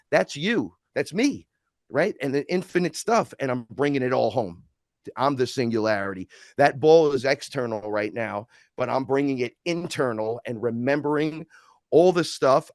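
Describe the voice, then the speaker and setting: A man telling a personal story in a panel talk, ranting intensely with curses and sharp jumps in pitch. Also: no echo, clean studio sound. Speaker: guest panelist. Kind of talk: casual discussion, personal storytelling.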